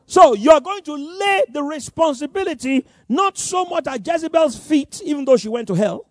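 A male preacher delivering a sermon animatedly, swinging from loud emphasis to soft asides and laughing between points. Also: very high voice, animated, normal speed, dry recording, studio quality, faint music behind.

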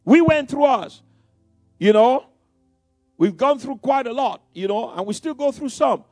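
A man's voice: very high voice, lively intonation, moderate pace, dark tone, no echo, studio quality. Middle-aged male pastor, chatty sermon delivery, faint music underneath. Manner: conversational preaching with many "you know" asides and repeated phrases. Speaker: preacher.

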